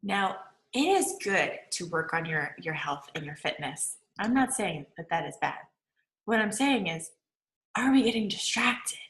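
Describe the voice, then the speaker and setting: A woman's voice: medium pitch, expressive, a little slow, fairly bright tone, roomy sound, rough recording. A woman manifesting coach giving a casual online lecture, chatty and full of "like". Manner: chatty, peppered with "like" and laughs.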